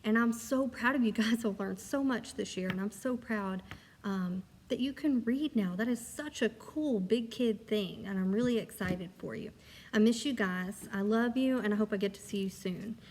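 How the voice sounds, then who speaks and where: Woman, kindergarten teacher, gentle and encouraging, medium pitch, long echoing reverb. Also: moderate pace. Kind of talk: recorded remote lesson for young children.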